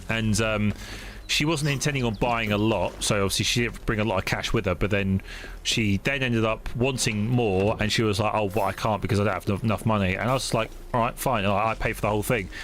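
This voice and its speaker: A young man streaming a game, chatting casually with viewers in a rambling, halting way with many restarts. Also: fairly low pitch, a bit bright. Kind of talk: casual chat while gaming. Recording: noisy stream audio.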